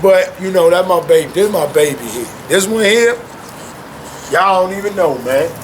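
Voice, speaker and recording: Chatting animatedly as a guest, a young man at home with his dogs keeps slipping "man" into nearly everything he says, his talk loose and full of slang. He has a high voice at normal speed, and there's slight background noise.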